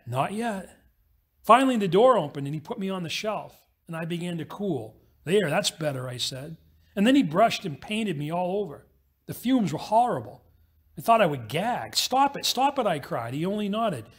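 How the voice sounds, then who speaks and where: Man, pastor, sermon, high-pitched, husky, storytelling. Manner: storytelling with quick acted-out voices in the parable.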